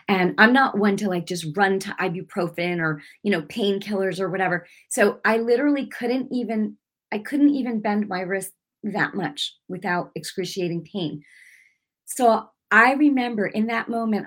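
A woman telling a personal testimony to a congregation, emphatic and chatty, swinging from hushed to loud. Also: medium pitch. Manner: casual with many fillers like "like". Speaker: speaker giving a testimony.

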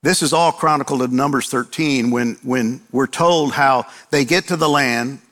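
Male pastor, middle-aged, lively sermon delivery with rhetorical questions; large reverberant hall. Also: medium pitch, normal speed. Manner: animated, rhetorical questions, acts out quotes.

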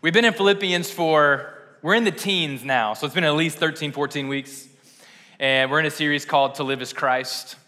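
A man's voice: a little high, moderate pace, pushed and bright. A young man preaching a casual, conversational sermon, chatty and self-deprecating, often laughing at himself. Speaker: pastor. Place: church sanctuary. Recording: long reverb in a hall.

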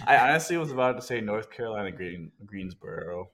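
A man's voice: on the low side, a bit bright. A man co-hosting a casual sports podcast, rambling and talking himself through trivia answers. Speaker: podcast co-host.

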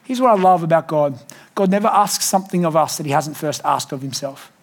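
A male pastor preaching a sermon to a congregation, animated and shouting some lines for emphasis. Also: on the high side, fairly quick. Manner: animated, shouting for emphasis with playful quoted voices. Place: church hall before a congregation.

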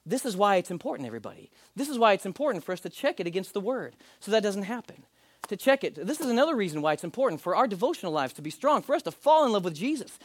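A male pastor in his thirties giving a conversational sermon, slipping into quick acted quotes. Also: high voice, no echo, studio quality.

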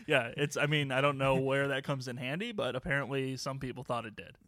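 A man's voice: mid-range voice, a little fast, sharp tone, no echo. A man co-hosting a casual movie podcast, rambling with many restarts and frequent chuckles. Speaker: podcast co-host.

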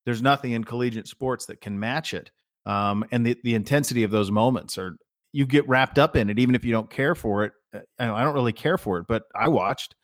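A man's voice: mid-range voice, fairly quick, no room sound, clean studio sound. A middle-aged man co-hosting a podcast in casual chat, a rambling storyteller who often restarts his sentences. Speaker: podcast co-host.

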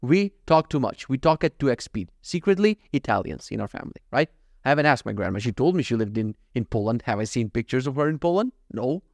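A young adult man on a casual solo podcast, rambling fast and swearing, mocking himself and quoting others in quick voices. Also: mid-range voice, sing-song, vocal fry, a little mellow, no room sound. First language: not given. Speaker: podcast host. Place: at home.

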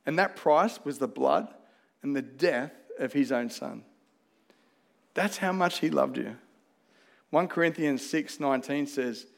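A man's voice: a little high, animated, unhurried, gravelly. A man with an Australian accent preaching a sermon, earnest and conversational, weaving in personal stories. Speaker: pastor.

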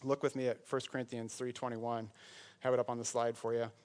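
A man's voice: medium pitch, flat delivery, brisk, a little mellow. A man preaching a sermon in a conversational way, breaking off into joking asides. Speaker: pastor.

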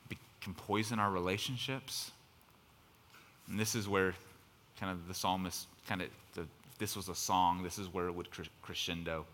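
Here the preacher's voice sits low and steady, slightly bright, at a moderate pace. His sermon stays conversational and passionate, dotted with "kind of", and now and then rises into forceful outbursts.

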